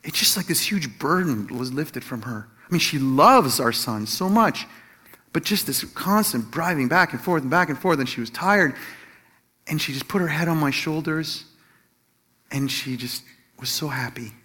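A middle-aged man telling a personal story in a sermon, animated and self-laughing, acting out what others said. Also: fairly high pitch, normal speed, breathy edge. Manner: animated storytelling, acts out quotes, laughs at himself. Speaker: Christian teacher or pastor.

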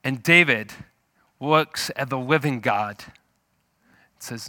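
A man preaching a sermon, retelling a scripture story in an animated, storytelling way. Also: medium pitch, slow pace, no echo, studio quality. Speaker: pastor.

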